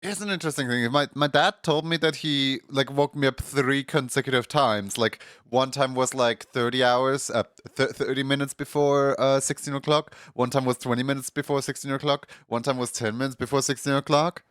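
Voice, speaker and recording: A man's voice: mid-range voice, fairly even intonation, normal speed, few pauses, a bit bright, smooth, dry recording, studio quality. A man streaming right after waking up, talking in a groggy morning voice, rambling casually with many fillers and frequent laughs.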